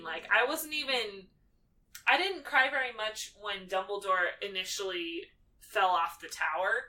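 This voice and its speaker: A woman's voice: mid-range voice, measured pace, recorded from a distance, a little hiss or hum, poor audio. A woman co-hosting a podcast, casually retelling a film's plot and slipping into the characters' lines as she goes. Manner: animated storytelling, acting out lines with filler "like". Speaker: podcast co-host. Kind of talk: casual movie recap chat.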